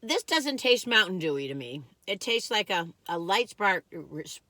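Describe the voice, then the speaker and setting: A woman's voice: mid-range voice, sing-song, normal speed, bright, forceful tone, dry recording. A chatty woman vlogging a food taste test, rambling as she eats and laughing often. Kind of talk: casual chat.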